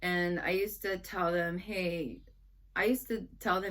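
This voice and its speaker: A woman's voice: on the low side, fairly even intonation, a little slow, fairly bright tone. A young woman vlogging to camera about how she talks with her kids, earnest and rambling, often restarting sentences and acting out what she tells them. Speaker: vlogger, mother. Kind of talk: casual reflective talk to camera.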